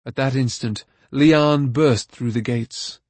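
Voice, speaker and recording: A man narrating a fantasy novel aloud in a steady, even storytelling manner. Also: mid-range voice, takes it slowly, no room sound. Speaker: audiobook narrator. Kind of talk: scripted narration.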